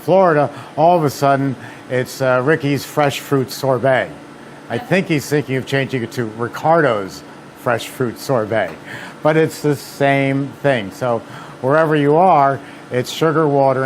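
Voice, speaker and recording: A man's voice: medium pitch, a little hiss or hum. A man presenting at a seminar, telling anecdotes in a chatty, filler-laden way. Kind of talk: demonstration talk.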